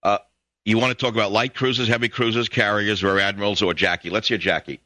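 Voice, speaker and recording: A man with a New York accent hosting a talk radio show, rambling and excitable with sudden high-pitched outbursts. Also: fast, a little hiss or hum. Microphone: studio microphone.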